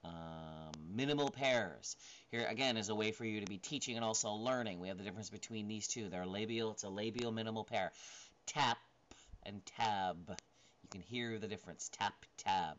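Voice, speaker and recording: A man's voice: fairly low pitch, fairly quick, a bit bright. A man teaching a recorded lecture over slides, talking casually with many fillers and frequent checks of "right?". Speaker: instructor. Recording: dull lo-fi recording with faint noise.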